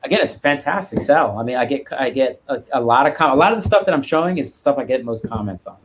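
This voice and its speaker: A man's voice: mid-range voice, expressive, quick pace, slight background noise. A man, a guest art collector, chatting casually on a live stream and rambling with restarts and asides.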